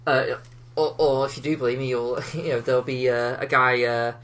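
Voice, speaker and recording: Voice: mid-range voice, fairly even intonation, brisk, a bit bright. A podcast co-host chatting casually about a film, rambling and hesitant with frequent fillers and small laughs. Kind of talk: casual film review chat.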